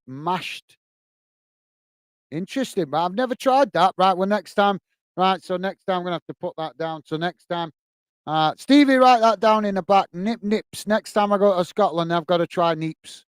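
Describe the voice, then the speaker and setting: An English man hosts a football watch-along stream, chatting casually and thanking viewers by name as he reads their comments. His voice sits a little high for a man, smooth and clear. The close mic gives a dry, intimate sound. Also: no room sound. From England. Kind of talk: casual live-stream chat.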